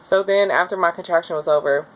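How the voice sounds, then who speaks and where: A young woman casually telling her own birth story to camera, acting out her screams and pleas in a high, strained voice. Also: fast, lo-fi sound.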